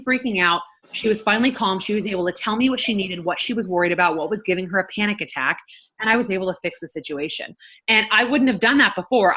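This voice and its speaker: A woman's voice: medium pitch, sharp tone. A woman who works as a nurse and health coach, talking frankly and chattily to her viewers, with the odd casual swear. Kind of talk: casual talk to camera.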